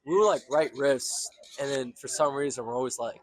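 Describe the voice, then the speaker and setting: A man's voice: mid-range voice, brisk, no room sound. Young male band member, mid voice, easygoing filler-heavy talk. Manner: loose, filler-heavy, joking. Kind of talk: casual interview chat.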